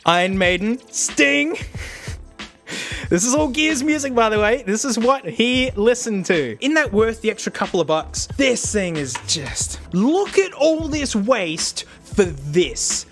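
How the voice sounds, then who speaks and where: A young man talking casually in a tech review vlog, excitable and jokey, with loud bursts of laughter. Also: sits high. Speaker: tech video host.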